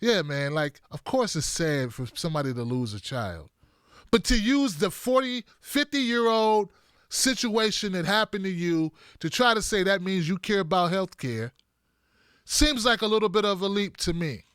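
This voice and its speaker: A man's voice: high voice, animated, normal speed, fairly bright tone, smooth, no room sound, clean studio sound. A male host of a political commentary stream, combative, sarcastic and profane.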